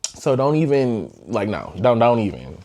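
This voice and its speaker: A young man hosting a podcast, telling a personal story in a chatty, animated way with lots of fillers. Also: medium pitch, unhurried. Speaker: podcast host. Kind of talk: casual storytime.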